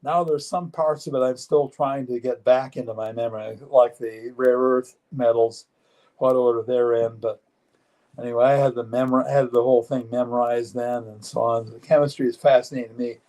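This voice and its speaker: Older male interview guest, 70s, mellow dark tone, earnest and plain-spoken, halting phrasing. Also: mid-range voice, fairly even intonation, poor audio. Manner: earnest, matter-of-fact, halting with frequent restarts. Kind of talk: live-streamed personal interview.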